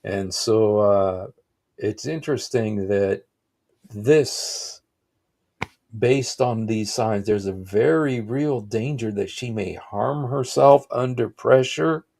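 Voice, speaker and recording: A man's voice: fairly low pitch, slow, gravelly, darkish tone. A man hosting a livestream, giving rambling, casual reaction commentary with frequent exclaimed asides. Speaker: livestream host.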